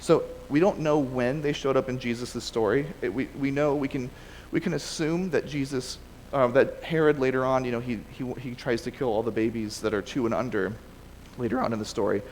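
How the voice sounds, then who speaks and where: Casual preacher in a reverberant church. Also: male voice, mid-range voice, steady tone, fairly quick, a little mellow, slight background noise. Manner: conversational, with frequent restarts and self-corrections. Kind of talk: casual sermon with scripture reading. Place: church sanctuary.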